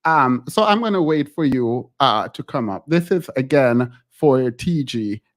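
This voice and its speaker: A man hosting a casual live call-in stream, animated and laughing, often breaking off mid-sentence. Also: mid-range voice, a little slow. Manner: animated, laughing, self-interrupting.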